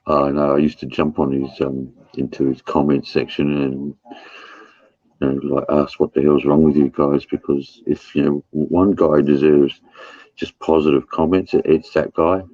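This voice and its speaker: A man's voice: a bass voice, flat delivery, moderate pace, mellow, no room sound, dull audio. A man hosting a livestream, chatting casually, swearing and laughing often. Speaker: livestream host. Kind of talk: casual chat.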